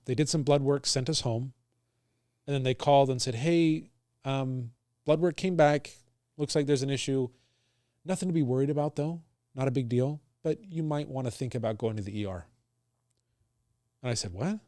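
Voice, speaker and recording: A young man speaks in an everyday middle register, his voice close and dry with no room sound. He talks earnestly and haltingly in casual conversation, often stopping to restart a sentence. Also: mid-range voice, darkish tone, dry recording. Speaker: guest sharing his story.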